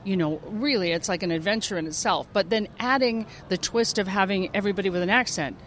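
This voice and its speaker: A woman voice actress chats as a guest, telling anecdotes and laughing easily. Her voice sits at a middle pitch, relaxed and conversational. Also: fast, a little hiss or hum. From United States. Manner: chatty, laughs often, tells anecdotes. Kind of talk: casual interview chat. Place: comic convention in Melbourne.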